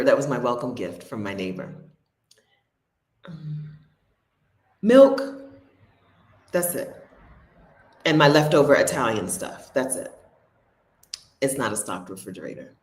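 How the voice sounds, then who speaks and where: A woman's voice: fairly low pitch, roomy sound. A woman, chatting casually and laughing with her viewers during a livestream from her home. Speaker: host. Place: home near her refrigerator.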